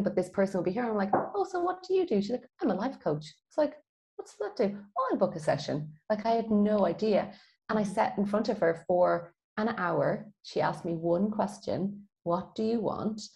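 A woman guest on a podcast, telling her life story in a lively, animated way and acting out the dialogue she quotes. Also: mid-range voice, vocal fry. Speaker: guest, feng shui expert. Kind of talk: casual podcast interview.

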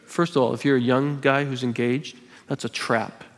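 A man's voice: medium pitch, steady tone, moderate pace. A man preaching a sermon as pastor, driving points home by repeating phrases and slipping in joking asides. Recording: long hall reverb.

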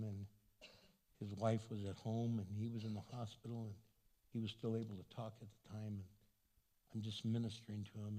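A man preaching a sermon as pastor, animated and acting out the voices of people he quotes. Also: fairly low pitch. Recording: long hall reverb.

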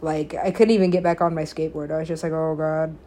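A woman with a slightly low voice talks through a story on her own podcast. She rambles, leans hard on filler words, swears freely and laughs often as she goes. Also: fairly even intonation, very fast, warm tone, slight background noise. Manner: laughs often while telling. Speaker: podcast host. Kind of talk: casual storytelling monologue.

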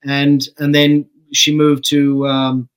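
His voice is a little high with a clean tone, and he takes his time; the audio, though, is poor. A middle-aged Englishman and guest actor, he tells stories casually in an interview, relaxed and swearing without a second thought.

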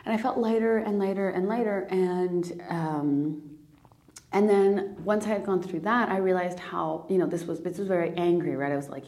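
A woman's voice: on the low side, fairly even intonation, moderate pace, dark tone. A woman hosting a personal spiritual podcast, talking earnestly and emotionally, near tears, often restarting and repeating phrases. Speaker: podcast host.

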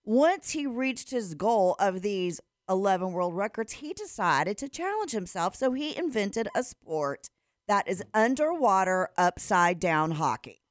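A woman doing a radio sports segment, talking casually and laughing often as she explains things at length. Her voice is at an average pitch, recorded close and dry in a studio. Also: big pitch swings, unhurried, dry recording. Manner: giggly, chatty, explains at length.

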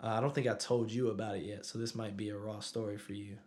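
A man's voice: fairly low pitch, level tone, fast talker, a little mellow. A man in his thirties, a father telling a story in casual conversation, who often asks "you know what I'm saying". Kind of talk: casual chat.

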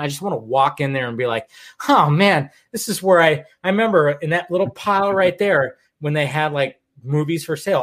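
Animated man telling stories, casual. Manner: animated storytelling, jumps high when acting out quotes. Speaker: stream host. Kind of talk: casual chat.

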